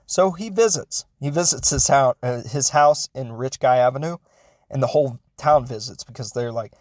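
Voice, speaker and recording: Young guy, comedic film reviewer, rambling jokey recap, mid-pitched, dry close sound. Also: moderate pace, a little mellow, no room sound. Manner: jokey, goofy, self-correcting, makes sound effects.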